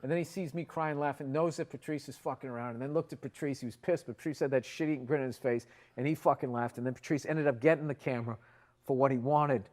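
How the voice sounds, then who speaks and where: A man's voice: mid-range voice, fairly even intonation, fast talker, a little mellow. A middle-aged man co-hosting a podcast, telling long, rambling stories in casual chat and swearing freely. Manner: rambling, profane storytelling. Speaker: podcast co-host.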